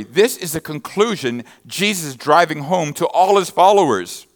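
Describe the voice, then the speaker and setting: A man's voice: fairly high pitch, expressive, moderate pace. A man preaching a sermon, reading scripture verses and expounding them with emphatic, rising bursts of intensity. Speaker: pastor.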